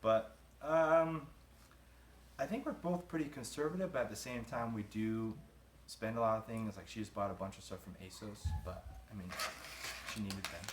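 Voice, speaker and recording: A man's voice: on the low side, moderate pace, noisy background. A young man, a groom-to-be, answering interview questions in a casual, rambling way, trailing off and laughing between thoughts. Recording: roomy echo.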